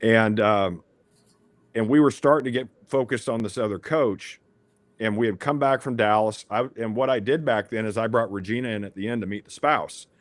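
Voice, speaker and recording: A man's voice: lowish voice, moderate pace, no echo. A man, a former athletic director, telling an earnest, rambling story with many restarts in a podcast interview.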